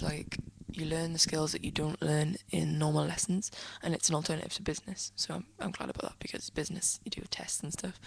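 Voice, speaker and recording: A teenage girl from England chats to the camera from her desk at home, rambling and giggling, often slipping into soft whispery asides. Her voice sits a little low and has a gravelly, creaky edge. A faint hiss runs under the recording. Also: rough recording. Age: teens. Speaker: vlogger answering a friend's questions. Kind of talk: casual chatty vlog. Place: indoors, at home, sitting on a desk.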